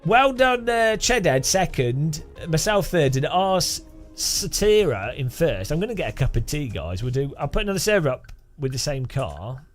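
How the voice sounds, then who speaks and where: Soft music plays behind this English man, a game streamer whose fairly high, sing-song voice moves at a normal pace. He talks casually with his live-stream viewers, greeting them by name and laughing a lot.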